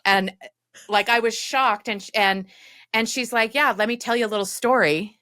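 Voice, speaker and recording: A woman's voice: a little high, moderate pace, bright, forceful tone. A middle-aged woman hosting a podcast, telling stories in a chatty, self-deprecating way. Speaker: podcast host. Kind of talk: casual chat.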